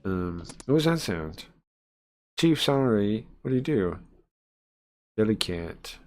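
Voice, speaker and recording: A man with a fairly low voice streams himself playing a visual novel, reading the game's lines aloud in a loose, chatty way. He fills the gaps with "um"s and quick asides, while faint game music plays underneath. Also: big pitch swings. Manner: casual and chatty, with many fillers and asides. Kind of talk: live let's-play, reading game text aloud.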